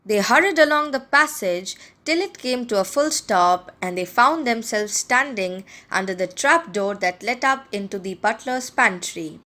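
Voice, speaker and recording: A woman reads a classic children's story aloud in an unhurried, expressive manner. Her voice sits a little high for a woman, and she takes her time over each phrase. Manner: expressive, measured reading aloud. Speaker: audiobook narrator. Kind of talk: storybook reading of a classic novel.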